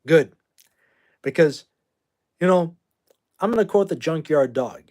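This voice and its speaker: A man's voice: on the high side, lively intonation, measured pace, a little mellow. A man in his fifties from the United States, hosting a livestream in a brash, rambling, trash-talking way while answering viewer comments. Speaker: livestream host.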